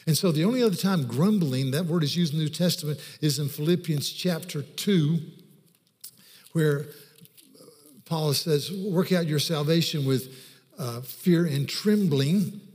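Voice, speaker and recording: A man's voice: a little high, unhurried, a little mellow. A male pastor preaching a sermon, telling stories and then pressing his points from scripture with emphasis. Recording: reverberant hall recording.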